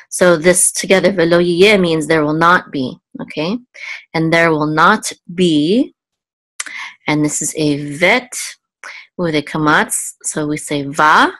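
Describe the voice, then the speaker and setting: A woman teaching biblical Hebrew word by word, slow and careful, with many ums and restarts. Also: fairly low pitch, a bit bright, no echo, poor audio. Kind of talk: patient word-by-word lesson.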